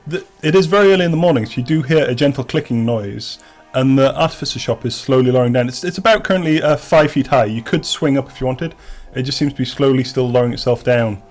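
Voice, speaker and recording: A man's voice: mid-range voice, fast talker, faint music behind. A man narrating as game master of a tabletop game, rambling with many restarts and fillers.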